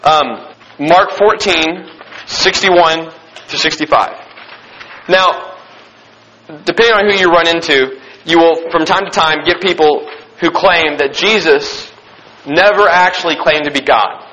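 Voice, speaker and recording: A young man preaching a sermon, reading scripture and stressing key points with excitement and repetition. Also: on the high side, measured pace, highs cut off. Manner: emphatic and excited, repeating key phrases; frequent restarts and fillers.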